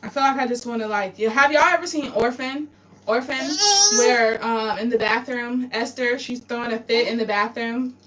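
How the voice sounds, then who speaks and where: A woman with a higher, somewhat bright voice speaks at a normal speed with fairly even intonation. She's a vlogger recording a raw confessional in her home bathroom, tearfully venting, swearing and talking through grief as her voice breaks. The mic sits at a distance and picks up noise.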